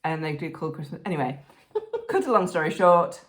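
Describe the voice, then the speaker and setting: A woman co-hosting a crafting podcast in casual, rambling chat, excitable and quick to swear. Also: sits low. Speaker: podcast co-host.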